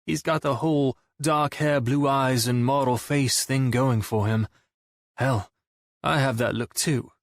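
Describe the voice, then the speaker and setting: A man narrating a first-person audiobook in a wry, deadpan manner. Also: mid-range voice, measured pace, dry recording, clean studio sound.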